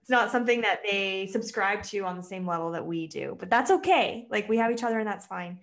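A woman's voice: mid-range voice, fairly quick. A woman guest on a podcast, a mindset coach, chatting casually and animatedly. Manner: animated, swings into playacted quotes. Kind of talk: casual chat.

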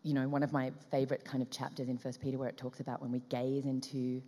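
An Australian woman guest telling stories in an interview, lively and acting out the dialogue as she goes. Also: very deep voice, fast talker. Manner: lively, acts out dialogue in quotes, frequent laughs. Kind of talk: animated storytelling interview. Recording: long reverberant room sound.

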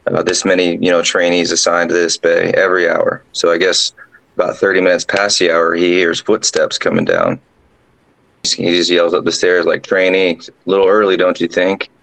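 Deep gravelly man telling a story. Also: moderate pace, rough recording. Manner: relaxed rambling telling, with many fillers. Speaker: guest storyteller, drill sergeant. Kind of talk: casual spoken ghost story.

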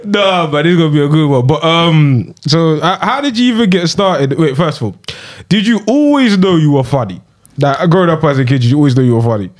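A young man hosts the podcast in a playful, slangy way. His voice sits fairly high for a man, and he opens with a hype-man intro. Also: animated, a little fast. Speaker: podcast host. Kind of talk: casual chat.

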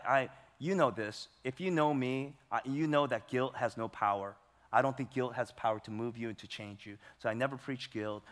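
A man's voice: medium pitch, a bit bright. Preaching man in an echoing hall. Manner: emphatic, asks the audience rhetorical questions. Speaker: pastor. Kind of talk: sermon. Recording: long hall reverb.

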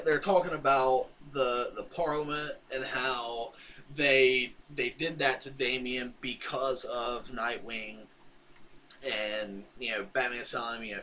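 A man's voice: medium pitch, steady tone, measured pace, pushed and bright, a little hiss or hum, poor audio. A man co-hosting a podcast, casually retelling a comic book's story and quoting its characters with laughs along the way. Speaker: podcast co-host. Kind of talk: casual comic recap chat.

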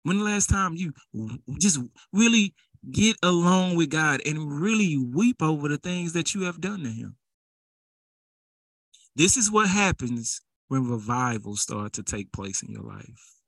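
A man's voice: a little high, animated, measured pace, fairly bright tone, no echo. A man preaching a sermon in a casual, conversational way that builds into fervent exhortation.

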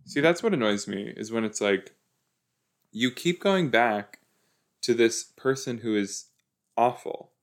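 A man's voice: mid-range voice, lively intonation, a little slow, long pauses. A young man casually chatting and mocking a TV show, recording while lying down. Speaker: podcast host reacting to a TV episode. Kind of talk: casual chat. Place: lying down at home.

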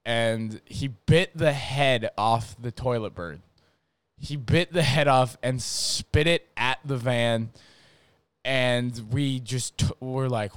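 Young guy from north dakota, smooth voice, dry close sound, rambling and swearing a lot. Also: medium pitch, takes it slowly, no room sound. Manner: rambling, profane, lots of fillers and restarts. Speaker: podcast host. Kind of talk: casual storytelling monologue.

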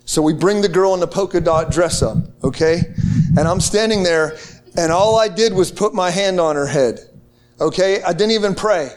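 A man from the United States telling a testimony to a group in an excited, casual way, with slang and many restarts. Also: high-pitched, normal speed. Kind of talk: animated storytelling to a group.

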